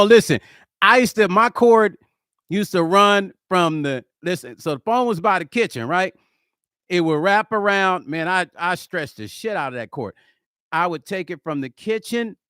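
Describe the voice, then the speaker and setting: Excitable middle-aged man in a studio. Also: high voice, clear, resonant tone, no echo. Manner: excitable, slangy, keeps saying hold on. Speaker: musician and producer. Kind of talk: casual vlog talk while making a track. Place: music studio.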